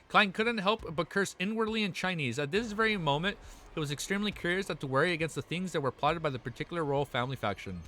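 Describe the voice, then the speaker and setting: A young man streaming live, reading a story aloud and reacting with excited swearing and stumbles. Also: a little high, quick pace.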